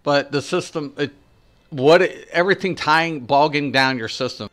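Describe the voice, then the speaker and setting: A man's voice: a little high, normal speed, a bit bright. A man giving casual, rambling gameplay commentary, swearing and complaining as he plays. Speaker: gaming streamer.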